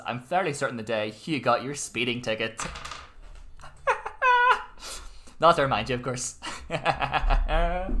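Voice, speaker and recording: A man's voice: mid-range voice, sharp tone. An Irish man hosting an online quiz in a casual, chatty way, with joking asides and self-amused laughs. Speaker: quiz host.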